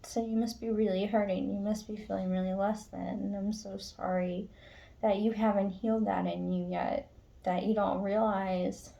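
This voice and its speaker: A woman's voice: medium pitch, little pitch movement, moderate pace, gravelly, warm tone, dull audio. A woman tarot reader speaking casually and emotionally to her viewers, frank and earnest, swearing now and then. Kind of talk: casual spiritual pep talk to viewers.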